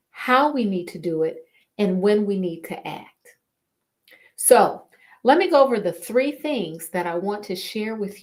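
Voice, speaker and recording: Middle-aged woman host, relaxed storyteller, slow delivery with fillers. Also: medium pitch. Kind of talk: live talk on stress.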